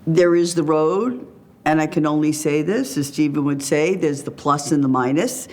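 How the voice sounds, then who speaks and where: A woman's voice: deep voice, normal speed, darkish tone. A woman guest telling reflective personal stories in a free-flowing way, acting out remembered conversations. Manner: free-flowing, tells stories through quoted dialogue.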